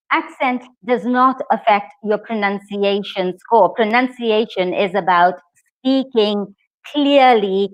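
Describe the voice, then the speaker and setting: A woman teaching a live online English exam lesson, upbeat and encouraging as she talks to her viewers. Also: medium pitch. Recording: dull lo-fi stream audio.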